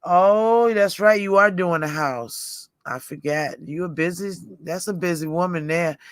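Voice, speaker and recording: A woman's voice: on the low side, a little slow, no echo, studio quality. A woman in her forties hosting a livestream in rambling, casual chat, often laughing. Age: 40s. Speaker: livestream host.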